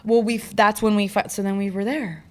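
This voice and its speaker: A young woman co-hosting a podcast, telling a travel story in lively casual chat and acting out the people she quotes. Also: mid-range voice, brisk. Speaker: podcast co-host.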